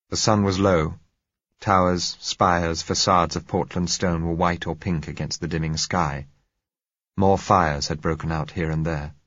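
Deep husky male audiobook narrator. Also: a bit bright, no room sound. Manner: measured, somber. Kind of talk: first-person audiobook narration. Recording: dry, slightly dull audio.

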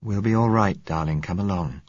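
A man voicing a calm young man in an audiobook, speaking softly and soothingly. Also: deep voice, moderate pace, no room sound, lo-fi sound. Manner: soft, soothing. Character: tender, resolute young man.

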